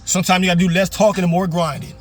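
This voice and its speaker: Fervent high-voiced preacher man. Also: steady tone, racing, faint music behind. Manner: fervent, repetitive, call-and-response preaching. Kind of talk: motivational sermon. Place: parked car.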